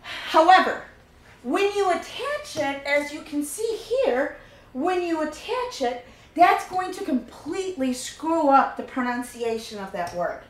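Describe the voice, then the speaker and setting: High-voiced, unhurried woman teaching grammar. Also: very animated, echoey room, low-quality recording. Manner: patient, repeats key points, walks through steps. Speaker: Spanish teacher. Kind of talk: classroom grammar lesson.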